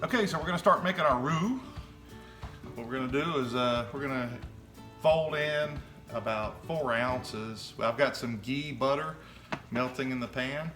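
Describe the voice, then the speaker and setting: A man narrating his home cooking in a relaxed, chatty way, with many fillers. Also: medium pitch, normal speed, faint music behind. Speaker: home cook.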